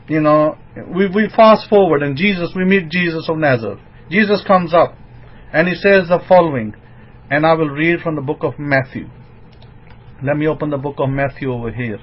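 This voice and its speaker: A man giving an informal sermon as a rabbi, emphatic and rising into excited bursts. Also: on the high side. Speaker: rabbi teaching. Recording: dull lo-fi recording.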